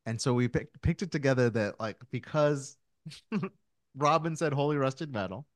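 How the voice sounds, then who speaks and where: A man's voice: medium pitch, unhurried, no room sound. A man in his thirties, a podcast co-host, chatting casually and telling rambling stories full of fillers and restarts. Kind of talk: casual chat.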